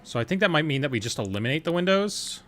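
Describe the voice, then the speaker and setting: A man's voice: a little high, sing-song, quick pace, fairly bright tone, faint music behind. A man casually commenting on his gameplay, thinking aloud in a chatty, playful way and answering his chat. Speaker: game streamer.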